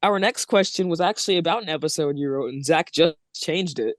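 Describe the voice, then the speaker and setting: A man's voice: fairly high pitch, brisk, no room sound, clean studio sound. A man hosting a podcast interview in a playful, jokey way. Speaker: podcast host. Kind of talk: casual interview chat.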